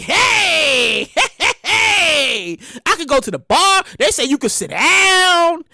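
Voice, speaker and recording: New lady podcast host, loud and swearing a lot, high voice all over the place. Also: no echo, studio quality. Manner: loud, animated, profane, laughing often. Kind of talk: casual solo podcast monologue.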